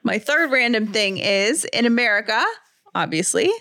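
A woman's voice: fairly high pitch, expressive, moderate pace, pushed and bright, no room sound, clean studio sound. A woman in her thirties co-hosting a podcast, chatting casually and reading out fun facts with frequent laughs. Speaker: podcast co-host. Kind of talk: casual chat.

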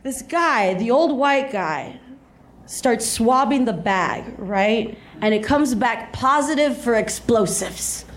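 Onstage at a comedy show, a thirtysomething South Texas woman delivers a story in her set, chatting and laughing along as the live crowd laughs too. Her fairly high voice is animated but slow, with a little hiss or hum in the recording.

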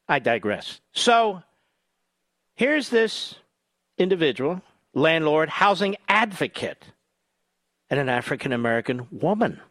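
A man hosting a talk radio show, delivering a combative, sarcastic monologue that swings between loud outbursts and low asides. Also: dry recording.

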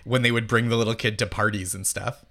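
A man in his thirties from Massachusetts, a comedian guest, telling anecdotes in a chatty, animated way. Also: fairly low pitch, fast talker. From Massachusetts, United States. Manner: animated storytelling, heavy use of "like". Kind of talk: casual interview chat.

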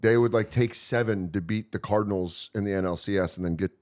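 A man with a deep, rich, booming voice, a guest comedian chatting on a podcast in a self-deprecating, jokey way. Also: brisk, darkish tone. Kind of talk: casual podcast chat.

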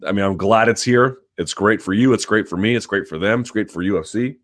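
A man hosting a live chat about a combat sport, reading viewer questions aloud and answering at length with many ums and restarts. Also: fairly low pitch. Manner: talks quickly and hedges, lots of ums and restarts. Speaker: host.

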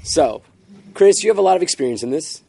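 A man with a somewhat high voice hosts an improv comedy game, explaining the rules and reading out scene directions. He is upbeat and laughs easily. The sound is dry and close. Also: lively intonation, fairly quick, creaky, warm tone, breathy edge, no echo. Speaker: game show host.

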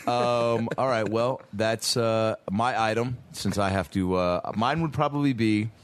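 A man's voice: lowish voice, a little slow, clear, resonant tone, no room sound. Joking man in casual podcast banter. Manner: crude, joking, laughs often.

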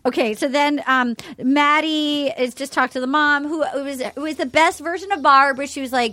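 A woman hosting a podcast who recaps in a chatty, animated way. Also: high-pitched, normal speed, hardly any pauses, dry recording. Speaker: podcast host. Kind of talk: casual chat.

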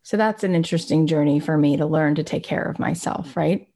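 A woman's voice: deep voice, fairly quick, dark tone. A woman giving a candid, reflective motivational talk. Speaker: speaker.

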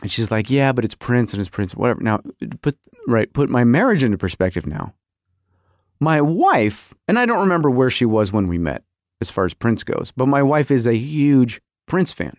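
A man's voice: medium pitch, sing-song, moderate pace, no echo, studio quality. A middle-aged man hosting a podcast, telling a comic story about his marriage with exaggerated quoted voices. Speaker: podcast host.

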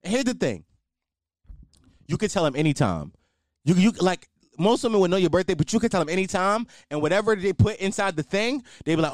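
A man's voice: high voice, sing-song, brisk, dry recording, studio quality. A man podcaster doing a comedic, profane rant, repeating himself as he riffs.

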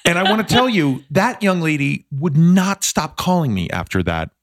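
A middle-aged man, a podcast guest, telling a story in a casual chat, animated and self-deprecating. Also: on the high side, moderate pace.

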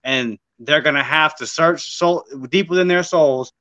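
Sports podcast co-host, blunt and slangy, bright forceful voice, dry lo-fi sound. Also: male voice, a little high, unhurried, no echo.

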